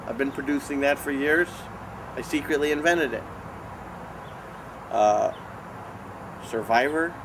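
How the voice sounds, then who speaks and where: A man's voice: medium pitch, a little slow, long pauses, noisy background. A man bragging and scolding in dry, exasperated comedic banter. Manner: boastful, exasperated, deadpan. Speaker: show regular talking with puppets.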